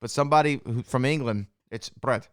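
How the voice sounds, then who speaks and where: A man's voice: medium pitch, normal speed, clear, resonant tone, no room sound, clean studio sound. A man with a Southern American accent, co-hosting a podcast in a casual, chatty way. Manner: relaxed, chatty, frequent fillers. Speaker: podcast co-host. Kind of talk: casual chat.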